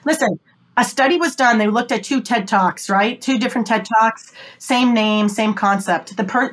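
A fast-talking woman, giving animated, emphatic advice as an interview guest. Her voice is a little whiny and squeaky, and it sits at a middling pitch for a woman. She talks over a video call from her home office. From Boston, USA. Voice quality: self-described whiny, squeaky voice. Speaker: guest, body language expert. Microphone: video call setup.

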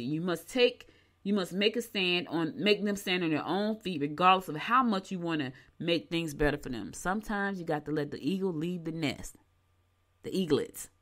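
Middle-aged woman, chatty morning co-host, lower voice, animated storyteller. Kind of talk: casual chat reading horoscopes.

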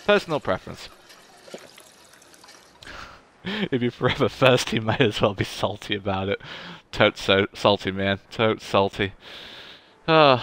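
A man's voice: lowish voice, fairly bright tone, clear, resonant tone, no room sound. A young man streaming a video game, chatting in a goofy, casual way to his viewers. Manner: chatty, goofy, talks to chat. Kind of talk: casual gaming livestream chat.

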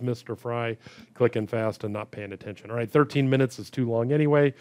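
A man's voice: medium pitch, brisk, a little mellow, dry recording. A man casually commenting while playing a puzzle game, thinking aloud and muttering about his own mistakes.

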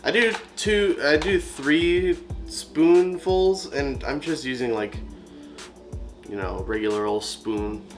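A man's voice: a little high, takes it slowly. A man casually chatting to camera at his desk while reviewing a coffee, rambling and swearing offhand. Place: at a desk with a monitor, indoors. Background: faint background music.

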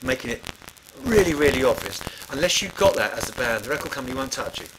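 Speaking fast in a sing-song, medium-pitched voice, a middle-aged man tells loose, rambling studio anecdotes packed with fillers and false starts. The background is noisy.

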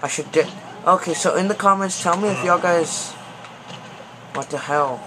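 A young man giving excitable, panicky commentary over a fighting game, pleading and yelling at it. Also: high voice, moderate pace. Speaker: gaming video host. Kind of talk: gameplay commentary. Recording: noisy background.

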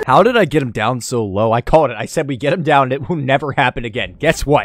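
A young man commentating his own boss fight in a video game, excitable and quick to yell and laugh. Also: medium pitch, a little hiss or hum. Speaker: gaming YouTuber. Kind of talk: let's play commentary.

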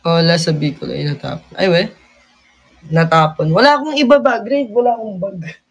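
A man's voice: sits high, a little fast, gravelly, slightly rough. A young man with a Filipino accent, chatting playfully from home on a live stream and giggling often. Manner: playful, giggly, mixes languages. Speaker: livestream host. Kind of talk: casual live chat.

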